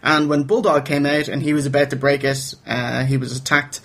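A man's voice: mid-range voice, fairly even intonation, a little fast, fairly bright tone. A man co-hosting a casual wrestling review podcast, jokey and chatty, laughing often. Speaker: podcast co-host.

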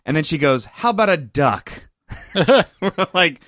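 Lively man telling a story. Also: on the high side, unhurried, dry recording, clean studio sound. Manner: animated storytelling, acting out quotes. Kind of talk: casual chat.

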